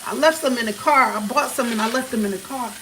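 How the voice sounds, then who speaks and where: A young woman with a high-ish, sharp voice talks fast, chatting loosely and joking with profanity as she cooks breakfast on a livestream in her home kitchen. It's captured on a distant phone mic with background noise.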